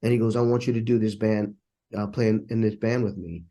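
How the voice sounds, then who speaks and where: A man's voice: lowish voice, steady tone, a little fast, warm tone. A man, a trumpet player and interview guest, telling stories in casual conversation and acting out the voices of people he quotes.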